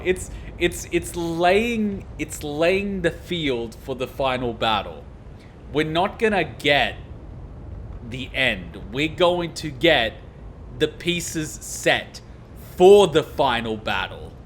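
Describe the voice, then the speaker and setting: Male let's-play host, slow-paced, excitable and swearing, faint hum behind. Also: a little high. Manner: excitable, swears freely, laughs often. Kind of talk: casual game reaction commentary.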